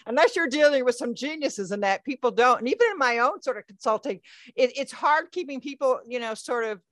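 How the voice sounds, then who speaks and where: A woman's voice: sits high, lively intonation, a little fast, a bit bright, dry recording. A woman talk show host asking a guest questions in a rambling way with many fillers. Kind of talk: interview conversation.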